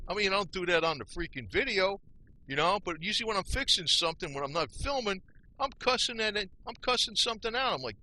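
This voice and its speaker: A YouTube creator rants alone on his channel in a high, animated man's voice that is quick, pushed and bright. He is blunt and angry, repeats himself, and leans on casual slang, constantly saying "man" and "you know."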